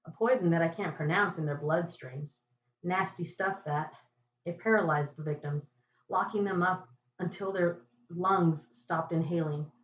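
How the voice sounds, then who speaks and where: A woman's voice: fairly low pitch, unhurried, slight background noise. A woman podcast host reading a first-person detective story in a dry, wry narrating voice. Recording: echoey, distant, muffled home recording.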